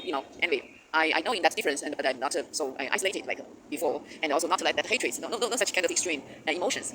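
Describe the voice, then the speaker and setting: A man delivers a spiritual monologue at a very quick clip, stumbling through fillers and restarts and breaking into laughter often. His voice sits a little high for a man. A steady noise runs under the recording. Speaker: spiritual channel host. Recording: noisy background hiss.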